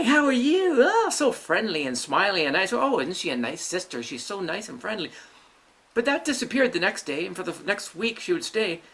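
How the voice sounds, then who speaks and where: A man's voice: on the high side, bright, forceful tone. A middle-aged man hosting his own show, ranting bitterly about his family with heavy swearing. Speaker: vlog host. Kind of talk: angry personal monologue.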